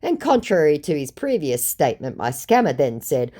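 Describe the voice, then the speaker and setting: A woman's voice: very deep voice, sing-song, normal speed, mellow. An Australian woman recounting chat logs in a comedic way, with dry, sarcastic asides. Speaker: scambaiting storyteller.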